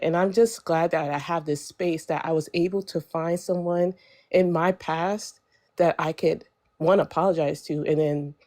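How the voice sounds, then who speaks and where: Young woman with a lowish voice rambling through a story, lots of likes and you knows, phone live chat. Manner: chatty, lots of fillers, animated when quoting others. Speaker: live stream participant. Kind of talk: casual storytelling.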